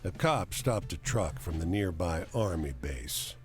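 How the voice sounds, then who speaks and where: A man narrating a game in a slow, measured storytelling manner. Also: low voice, animated, faint music behind. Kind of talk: scripted narration.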